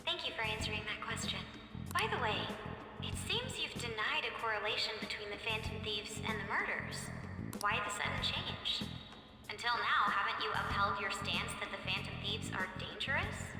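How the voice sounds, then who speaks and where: A poised, persistent teen girl interviewer from a game, asking formal, pointed questions. Her pitch swings widely with a gravelly edge. She sounds like she is in an echoey hall with long reverb and game music underneath. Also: wildly swooping pitch, moderate pace. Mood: probing.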